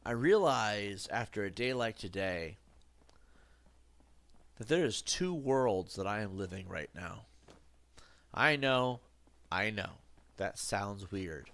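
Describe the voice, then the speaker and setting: Streaming a game with a stuffy nose, a man talks in a fairly low, gravelly, slightly bright voice that is expressive and slow, with long pauses. His live-stream chatter is casual, reflective, and rambling, sprinkled with jokey asides.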